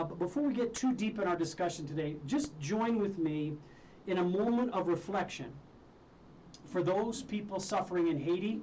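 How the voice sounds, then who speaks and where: A man's voice: high-pitched, darkish tone. Joking, chuckling male radio host. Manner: joking, chuckling, with many fillers and restarts. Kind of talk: casual live radio talk. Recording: somewhat distant mic with faint noise.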